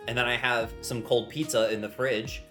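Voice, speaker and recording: A man's voice: medium pitch, level tone, normal speed, sharp tone, soft background music. A young man streaming casually from his home kitchen while he bakes, rambling cheerfully and greeting his chat with strings of hellos.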